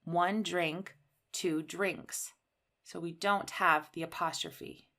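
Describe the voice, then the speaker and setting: A woman from Canada teaching an English grammar lesson, speaking slowly and clearly and stressing key words. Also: on the low side, steady tone, bright, forceful tone.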